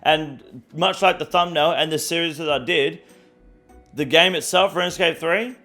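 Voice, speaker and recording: A man hosts a casual game news rundown with a fairly high voice. He is blunt and boastful and swears freely. Faint music runs behind him. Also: normal speed, sharp tone. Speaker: host.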